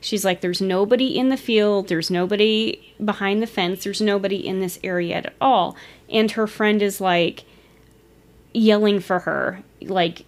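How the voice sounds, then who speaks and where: A woman's voice: mid-range voice, a little slow. A woman retelling a story in a casual, chatty way, giggling and sometimes losing her place. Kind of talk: casual storytelling of a ghost encounter.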